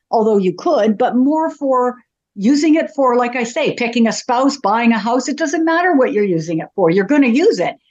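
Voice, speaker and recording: A woman's voice: fairly high pitch, lo-fi sound. A woman, a psychic medium, talking casually in an interview as a chatty, self-deprecating storyteller.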